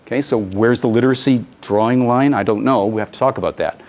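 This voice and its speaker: Male presenter at a talk, middle pitch, animated storyteller who voices the people he quotes. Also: quick pace, few pauses. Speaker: conference presenter. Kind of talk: lecture presentation.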